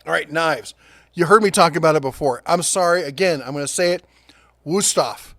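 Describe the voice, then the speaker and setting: A middle-aged man hosting a casual deals rundown, chatty and quick with asides, laughing at his own jokes. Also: on the high side, pushed and bright, no echo, studio quality. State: prone to coughing fits. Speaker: host of a tool and deals channel.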